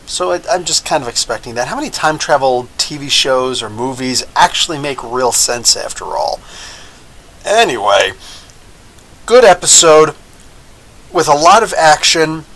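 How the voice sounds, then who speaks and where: An American man rambles through a casual episode review as the host of a live show. He talks in an animated way with a fairly high voice, stacking up restarts and asides. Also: measured pace, low-quality recording. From United States. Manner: animated, rambling, with frequent laughs and mock voices.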